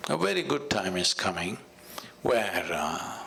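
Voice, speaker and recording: A man with an Indian English accent, a spiritual teacher speaking in a measured, storytelling way. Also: fairly low pitch, big pitch swings, gravelly. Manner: measured and storytelling, with soft laughs. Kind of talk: conversational teaching with a told fable.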